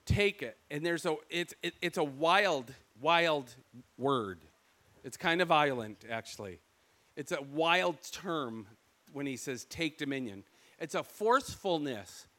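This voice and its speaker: Michigan-accented male preacher, high, bright voice, lively storyteller for a sermon. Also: unhurried. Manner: animated storytelling, acts out quoted voices.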